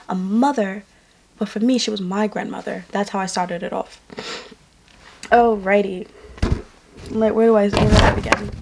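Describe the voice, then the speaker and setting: A young adult woman from New York, speaking in a medium-pitched and slightly mellow voice, recounts a personal story to camera at home. This vlogger keeps it candid, emotional and conversational in a casual storytelling vlog.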